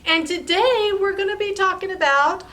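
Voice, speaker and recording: A woman's voice: extremely high pitch, normal speed, bright, forceful tone. A woman librarian hosting a children's storytime, talking in a cheerful, coaxing way.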